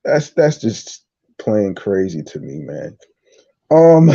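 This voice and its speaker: A man hosting a casual solo podcast, reading news aloud haltingly, repeating words and adding his own reactions. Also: low-pitched, big pitch swings, gravelly, mellow, husky, dull audio. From New York. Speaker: podcast host.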